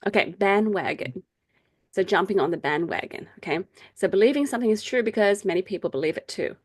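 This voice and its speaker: A middle-aged woman leading a faith group meeting over a video call, explaining ideas in a casual, chatty way, laughing often and acting out quoted people in a higher voice. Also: expressive, a little fast, darkish tone. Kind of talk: casual teaching talk.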